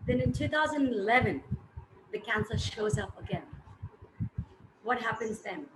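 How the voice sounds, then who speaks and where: A woman hosting an interview, gentle and thankful, asking questions with many pauses. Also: a little high, lively intonation, noisy background. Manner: gentle, thankful, halting with fillers. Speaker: interview host. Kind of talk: interview chat.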